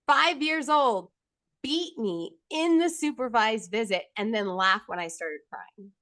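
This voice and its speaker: A woman in her thirties telling her own story in candid conversation, blunt and profane, getting animated when she quotes others. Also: a little high, unhurried, no echo.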